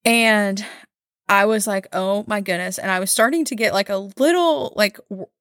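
A woman's voice: mid-range voice, expressive, moderate pace, a bit bright, no echo. Chatty woman in her 30s, storyteller podcast co-host, mid-range voice, dry close sound. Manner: chatty storytelling, many "like"s, acts out quotes. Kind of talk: casual chat.

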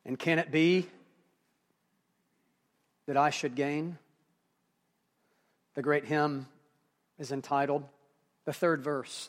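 High-voiced male preacher, dynamic delivery. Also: fairly even intonation, slow pace, pauses often. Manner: dynamic preaching, swings from hushed to emphatic. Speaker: pastor. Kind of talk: sermon.

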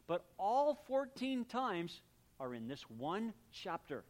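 A man with a notably high speaking voice delivers a sermon from the pulpit. He talks to the congregation in an easy, conversational way, unpacking the meaning of words and slipping into quick voiced exchanges to make his point. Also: sing-song, a little mellow. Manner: conversational, explains word meanings, acts out little exchanges. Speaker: pastor.

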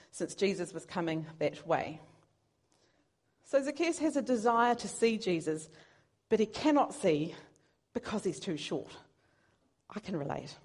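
A woman's voice: medium pitch, darkish tone. A woman preaching a sermon in an earnest, conversational way, now and then poking fun at herself. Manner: earnest, conversational, self-deprecating.

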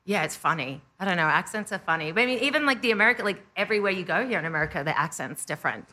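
Gushing Australian woman, bright voice. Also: on the low side, expressive, rapid-fire. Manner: gushing, giggly, lots of "like". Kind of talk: casual chat.

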